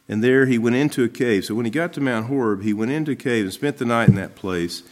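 A middle-aged pastor with a mid-range voice preaches a sermon, first reading scripture aloud and then explaining it conversationally.

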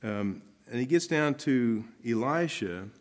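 A man's voice: medium pitch, animated, takes it slowly. A middle-aged man preaching a sermon, reading scripture aloud and then explaining it in a conversational way. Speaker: pastor.

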